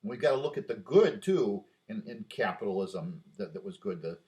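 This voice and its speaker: A husky man with a lowish voice rambles through a late-night monologue. He talks to himself, restarts often and drifts off mid-thought. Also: animated, moderate pace, warm tone. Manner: rambling, muttering, restarts and trails off. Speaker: vlogger.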